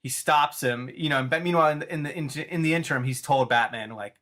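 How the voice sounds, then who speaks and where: A man in his thirties hosts a casual chat and retells a cartoon episode with animated, rambling excitement. His voice is bright and forceful. It sits a little high for a man. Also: fast, few pauses.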